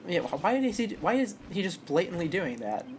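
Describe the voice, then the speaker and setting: A woman's voice: lowish voice, big pitch swings, a little fast, soft background music. A woman streamer chatting casually and self-mockingly while playing a game.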